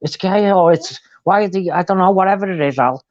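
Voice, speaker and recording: Man, casual live-chat co-host, animated storyteller, dry lo-fi sound. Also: high voice, brisk, no room sound. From England.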